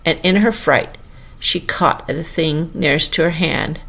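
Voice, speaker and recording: A woman narrating a classic storybook aloud as an audiobook, in an expressive, unhurried manner. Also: deep voice, gravelly. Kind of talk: audiobook reading.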